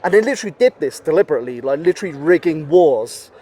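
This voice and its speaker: A man's voice: on the high side, lively intonation, quick pace, dark tone. A man talking as a podcast guest in casual conversation, rambling with many fillers and swearing bluntly. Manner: rambling, heavy with "you know" and "like" fillers.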